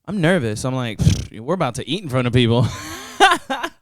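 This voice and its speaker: A woman hosting a casual podcast interview, chatty and teasing, with a joking, relaxed way of talking. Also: rumbling low, moderate pace. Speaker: podcast host.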